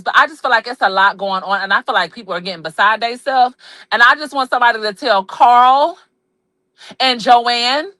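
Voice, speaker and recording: Woman on a phone live, aave, sassy and swearing, bright sharp voice, pitched a bit high. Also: no room sound. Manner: sassy, blunt, swears freely, laughs often. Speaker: live-stream host. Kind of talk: casual live-stream chat.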